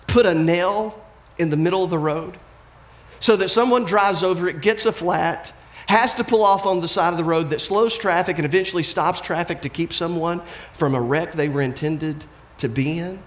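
A pastor gives a laid-back, conversational sermon with a humorous, direct tone, his voice fairly high for a man. He acts out the people in his stories with quick impressions, and the sound is roomy.

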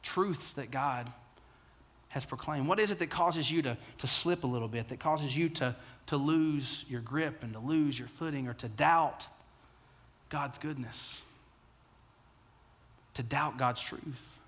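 A man in his thirties preaching an earnest, conversational sermon, often repeating words and dropping low and quiet for key lines. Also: a little slow, pauses often. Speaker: pastor.

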